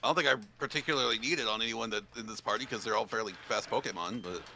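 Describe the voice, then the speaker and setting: A man's voice: on the low side, rapid-fire, bright, forceful tone, slight background noise. A man streaming a game, chatting casually, playful and jokey, swearing freely. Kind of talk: casual chat while gaming.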